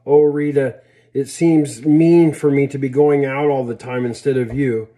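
A man's voice: mid-range voice, steady tone, a little slow, mellow, natural voice. A man voicing a cheerful, eager sixteen-year-old girl in a read-aloud story. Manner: eager, coaxing.

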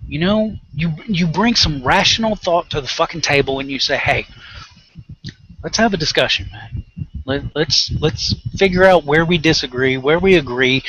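A man's voice: a little high, fairly bright tone, no room sound, rough recording. A man ranting angrily and sarcastically on a live online talk show, swearing heavily and mocking the people he argues against. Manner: heated, sarcastic, heavy swearing, mocking mimicry. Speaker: co-host of a weekly online rant show. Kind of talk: angry profane rant on a live stream.

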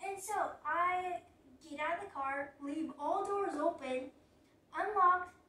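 Chatty high-voiced young woman, roomy. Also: slow pace, bright, forceful tone, far from the mic, slight background noise. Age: young adult. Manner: chatty, rambling storyteller. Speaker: vlogger. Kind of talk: casual storytime. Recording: roomy sound from away from mic.

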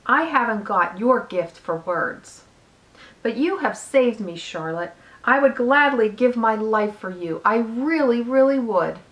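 A woman's voice: expressive, unhurried, a bit bright. A woman voicing a desperate young pig. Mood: earnest. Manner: high, pleading cries. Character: young male pig, earnest and emotional.

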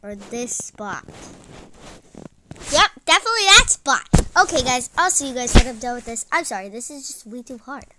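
A woman's voice: a little high, expressive, a little fast, few pauses, background noise. A woman giving casual, stressed-out gameplay commentary, exclaiming often and saying "like" a lot. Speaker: gaming channel host.

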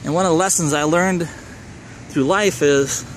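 A middle-aged man with a Minnesotan accent tells a personal story in a loose, rambling way, often backing up to correct himself. His voice sits a little high for a man and carries a wry edge. Faint traffic and outdoor ambience hum behind him. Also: moderate pace.

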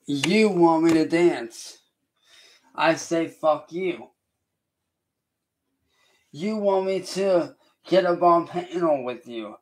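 Male livestreamer, fairly high voice, slow defiant lecture. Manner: slow, deliberate, repetitive lecturing; confrontational, defiant. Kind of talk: livestream rant addressed to a critic.

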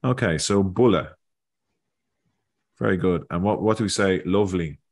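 Low-pitched and a little mellow, this man speaks at a normal speed. He hosts Irish-learning videos, running an informal lesson by video call while musing aloud and saying words over again.

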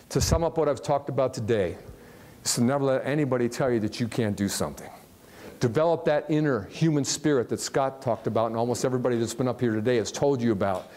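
A man from Ohio giving a live motivational talk to an audience, animated and jokey, often putting questions to the crowd. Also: medium pitch, slight background noise. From Ohio, USA. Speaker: motivational speaker. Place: large hall with a live audience.

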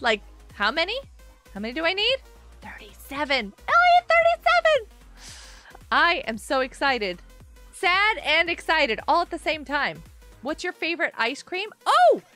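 A high, bright woman's voice that leaps all over the place as she chats through a live gaming stream. She's a bubbly mom in her thirties who giggles a lot and talks straight to her viewers. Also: big pitch swings, normal speed, soft background music.

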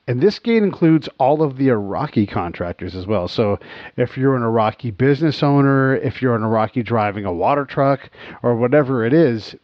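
Lively male podcast host, dry dull sound. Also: medium pitch, no room sound. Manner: animated, laughing, breaks into quoted voices. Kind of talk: casual storytelling.

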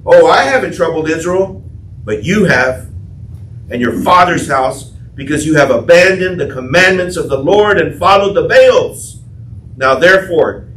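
A pastor preaching a sermon, telling the story dramatically and acting out the quotes, sometimes shouting. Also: male voice, fairly high pitch, recorded from a distance, a little hiss or hum. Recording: echoey room, voice from off-mic.

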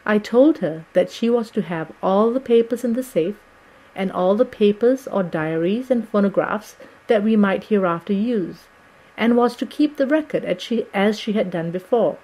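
A woman narrating a classic novel as an audiobook in a measured, steady storytelling manner. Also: medium pitch, low-quality recording.

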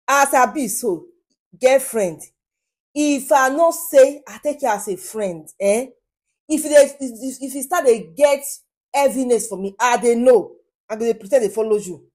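A woman vlogger speaks with a Nigerian Pidgin accent, her voice sitting a little high. She scolds and lectures in animated bursts, often repeating her words for emphasis. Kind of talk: commentary vlog in Pidgin English.

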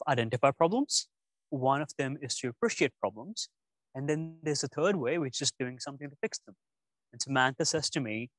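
A man's voice: medium pitch, no room sound, low-quality recording. Young man telling stories animatedly. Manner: animated storytelling. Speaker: speaker at a youth session. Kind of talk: casual talk to young students. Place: room with an audience.

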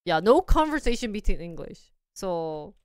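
Lively, smooth-voiced young woman streamer. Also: medium pitch. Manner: chatty, playful, thinking aloud while trying things out. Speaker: live streamer. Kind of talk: casual live-stream chat.

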